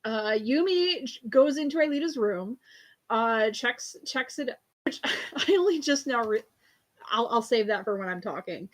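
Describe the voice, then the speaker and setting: A woman talks through an episode recap in a loose, rambling way, full of fillers and quick self-corrections. Her voice sits a little high, and she giggles easily as she goes. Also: animated.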